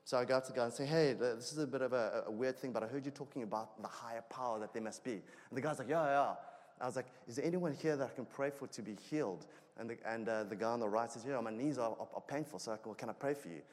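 A man preaching a sermon in a conversational way, growing animated as he tells a personal story. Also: mid-range voice, fast. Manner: conversational, animated when telling stories. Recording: long hall reverb.

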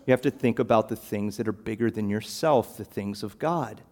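A man preaching a sermon, animated and emphatic, throwing out rhetorical questions. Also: lowish voice, normal speed.

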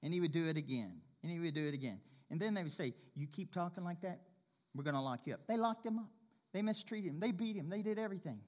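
A man preaching a sermon as pastor, swinging from impassioned loud passages to hushed, quiet ones. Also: a little high, animated, fast.

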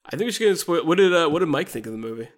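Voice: medium pitch, very fast. Movie podcast host, casual and giggly, voice swinging all over, stumbles into restarts. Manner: animated, laughing, stumbling restarts. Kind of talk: casual movie review chat.

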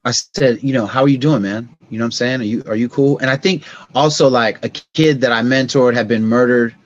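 A middle-aged man, a podcast guest, telling stories in casual conversation and acting out sounds and dialogue with lively energy. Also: medium pitch, brisk, muffled recording. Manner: animated, acts out sounds and dialogue.

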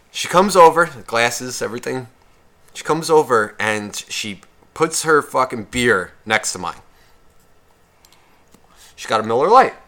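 Male podcast co-host, bright ringing tone, loose profane storyteller. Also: medium pitch, takes it slowly, long pauses. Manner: rambling, heavy swearing, animated retelling.

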